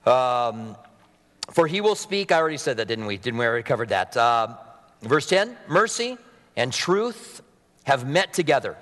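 A man's voice: mid-range voice, sing-song, moderate pace, a bit bright, big-room sound. A man preaching a sermon from a pulpit in a conversational, earnest manner, sniffly from a cold, with humorous asides. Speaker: pastor. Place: church sanctuary at a pulpit.

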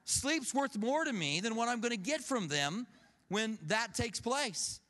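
An unhurried man with a very high-pitched voice preaches a conversational sermon in a large hall, its long reverb trailing his words. Animated, he shares personal stories and acts out what others said.

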